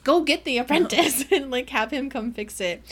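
An impatient, cruel queen barks out orders, as a woman puts her on. Her voice is raised and a bit higher, and she sounds fed up and exasperated. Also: expressive, normal speed, fairly bright tone, heavily acted. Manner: snappish, exasperated.

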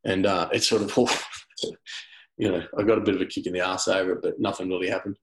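With a deep, level voice and a fairly quick delivery, an Australian ex-soldier spins laid-back war stories packed with fillers and the occasional curse. The recording is rough.

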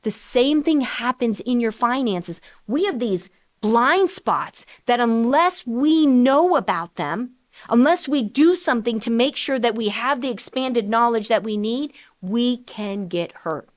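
Middle-aged woman, finance show host, bright higher voice, chatty, animated, dry close sound. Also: unhurried, no echo. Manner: chatty and animated, with rhetorical questions. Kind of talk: conversational radio-style finance talk.

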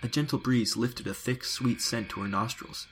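A man reading a science fiction audiobook in a measured, descriptive way. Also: mid-range voice, steady tone, a bit bright, slight background noise, poor audio. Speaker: narrator. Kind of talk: scripted sci-fi audiobook narration. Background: music.

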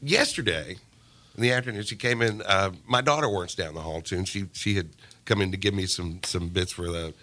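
A man co-hosting a radio show, telling stories in casual banter and mimicking coworkers loudly. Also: low voice, fairly quick.

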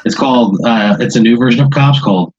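A man's voice: mid-range voice, fast, lo-fi sound, a little hiss or hum. A man hosting a casual chat, spinning an improvised story full of quoted voices and laughter. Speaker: host.

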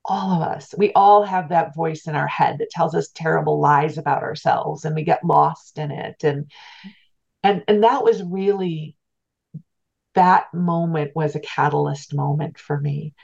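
A middle-aged spiritual teacher speaks a little slowly in a low, creaky, darkish voice while telling a personal story as an interview guest. Earnest and reflective, she often starts over and repeats words. The audio is dull and lo-fi.

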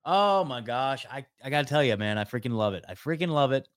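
A chatty male host running a call-in podcast, rambling easily and tossing in "dude" and "man." He sits at a mid-pitched, ordinary voice in a dry, close room with no echo. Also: animated, brisk, clear, resonant tone. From US West Coast. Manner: chatty, repeats words, calls people man and dude. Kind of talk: casual call-in chat.

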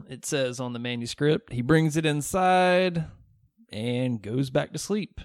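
A man's voice: medium pitch, a little slow, no room sound, clean studio sound. A man co-hosting a casual movie podcast, recapping the plot with jokes and frequent laughter. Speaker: podcast co-host.

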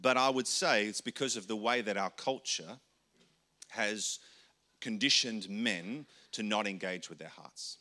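Male pastor, bright forward tone, earnest and conversational, repeats words as he thinks. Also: fairly low pitch, unhurried. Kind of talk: sermon teaching.

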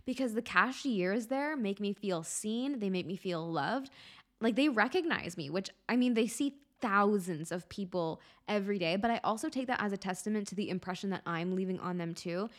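A woman's voice: mid-range voice, expressive, normal speed. A young woman talks through a casual solo podcast episode in an open, emotional way. She sounds close to tears, fills her sentences with "like," and swears freely as she goes. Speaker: podcast host and life-purpose coach.

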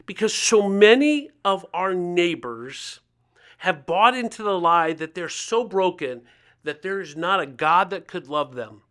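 Fifties guy from ohio, guest in a chat interview, animated storyteller, does little voices for the people he quotes. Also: high voice, a little slow, smooth. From Ohio, United States. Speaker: guest speaker on faith and poverty.

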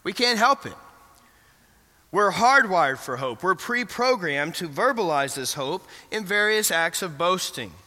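A man's voice: high-pitched, lively intonation, a little slow, sharp tone. A man preaching an interactive sermon in a church, asking the congregation questions and affirming their answers. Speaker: pastor. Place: church sanctuary. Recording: reverberant church hall.

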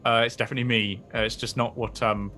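A man's voice: mid-range voice, flat delivery, fast, pushed and bright. A man voicing an awkward machine-minded being who stammers and fumbles for words as he turns down a fleshy partner. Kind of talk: tabletop role-play in character.

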